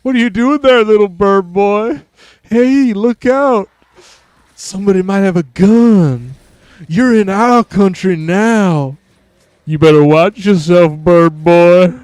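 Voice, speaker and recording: A man voicing a loud rural character who taunts a city boy in mocking sing-song. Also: high voice, slow pace, clear, resonant tone, no echo, voice pushed up. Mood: taunting.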